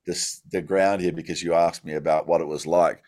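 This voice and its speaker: A man's voice: low-pitched, steady tone, a little fast, a little mellow, dry recording, clean studio sound. A middle-aged man with an Australian accent, a guest in a casual interview, rambling through his stories with lots of "you know" and laughs along the way. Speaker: actor guest.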